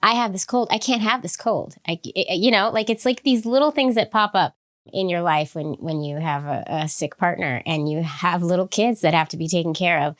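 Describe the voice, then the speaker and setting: A woman's voice: fairly low pitch, normal speed. A woman hosting a podcast, chatty and upbeat with frequent laughs, talking through a slight cold. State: has a cold. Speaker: podcast host. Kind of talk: casual podcast intro.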